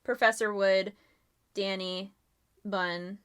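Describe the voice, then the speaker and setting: A woman's voice: medium pitch, fairly even intonation, slow pace, a bit bright, clean tone. A woman running a live-streamed murder mystery game as game master, casual and giggly with lots of fillers.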